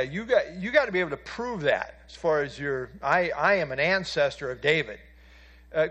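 A man's voice: a little high, a bit bright. A man teaching a Bible class, explaining from handout pages and asking his listeners questions, with frequent "uh" fillers.

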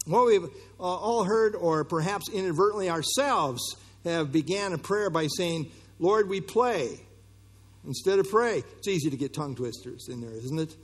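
A man preaching in an earnest, conversational way, often stopping to restart a phrase. His voice sits a little high and carries a husky grain. The sound rings with a long reverb tail, as if recorded in a large hall. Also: moderate pace. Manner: earnest, conversational teaching with frequent fillers and restarts. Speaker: pastor. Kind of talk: sermon.

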